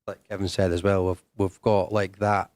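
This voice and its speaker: Low, flat-voiced Scottish football fan. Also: male voice, normal speed, no echo. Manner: rambling, lots of "like" fillers. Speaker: studio audience fan guest. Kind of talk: casual football opinion. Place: radio studio.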